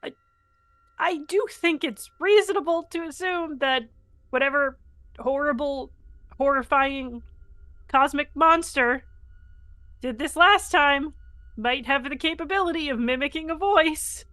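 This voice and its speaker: A woman's voice: high-pitched, unhurried, pauses often, pushed and bright, no room sound. A woman playing a cautious character who reasons through a threat. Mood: wary.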